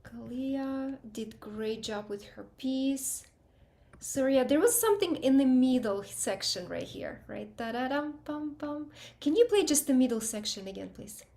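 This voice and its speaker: High-voiced and warm with a creaky texture, she offers upbeat feedback at a measured pace and lively intonation. She's teaching an online group piano lesson, singing out rhythms to illustrate passages.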